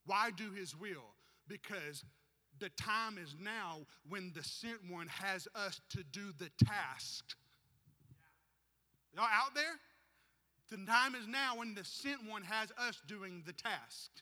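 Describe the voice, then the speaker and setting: A man preaching a sermon in a church, animated and rising to shouts to stir the congregation. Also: high voice, slow. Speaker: pastor. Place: church sanctuary. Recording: long hall reverb.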